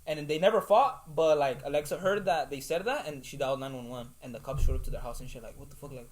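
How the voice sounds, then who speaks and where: A man's voice: a little high, quick pace. A young man hosting a casual podcast chat, rambling and swearing, filling his talk with "like". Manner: rambling, swears a lot, fills with "like". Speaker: podcast host.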